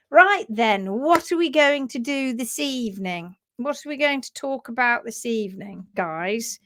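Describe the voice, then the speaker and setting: A woman's voice: sits high, expressive, moderate pace, hardly any pauses, fairly bright tone, dry recording. A woman hosting a casual livestream, upbeat and chatty, reading out viewer comments and teaching about hoof care.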